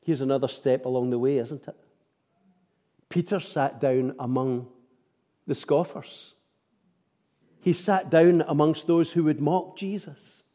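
A man's voice: a little high, unhurried, pauses often, dark tone. A man preaching a sermon, earnest and full of rhetorical tag questions.

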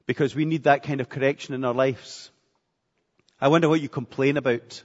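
Earnest preacher in an echoey hall. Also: male voice, medium pitch, fairly even intonation, brisk. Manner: earnest, repeats phrases for emphasis. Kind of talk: sermon. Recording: echoey hall, dull lo-fi sound.

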